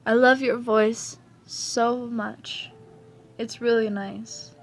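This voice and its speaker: A woman voicing a gentle, affectionate young man in a fan fiction reading, speaking softly and reassuringly. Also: fairly high pitch, measured pace, faint music behind. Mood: tender. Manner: soft, tender, reassuring.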